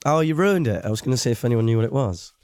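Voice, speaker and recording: A man's voice: medium pitch, expressive, very fast, a little mellow, soft background music. Rambling man streaming a game. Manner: rambling, self-deprecating chatter while playing. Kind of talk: casual live-stream commentary.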